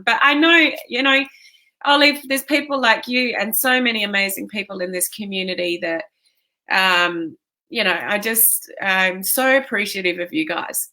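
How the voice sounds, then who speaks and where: An online fitness coach chats live on video with her viewers, her voice a little high, pushed, and bright. Tearful and emotional because of a migraine, she greets people by name.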